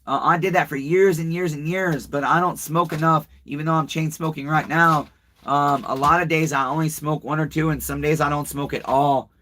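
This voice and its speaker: Slight background noise sits under this livestream host's fairly bright, somewhat high voice, which keeps a fairly even intonation at a moderate pace. Chatty and profane, he wanders through a story and reads viewer comments, addressing his audience directly.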